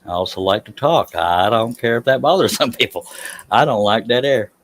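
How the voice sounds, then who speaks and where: A man's voice: mid-range voice, normal speed, fairly bright tone. A man chatting casually on a live stream while he works in his workshop. He talks in a rambling, self-deprecating way and laughs at himself.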